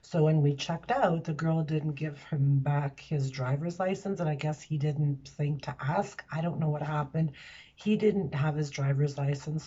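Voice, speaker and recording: Older woman in her 60s telling a travel story, lowish mellow voice, kinda muffled audio. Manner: animated, emotional retelling with quoted dialogue. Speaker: vlogger. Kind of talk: casual storytelling.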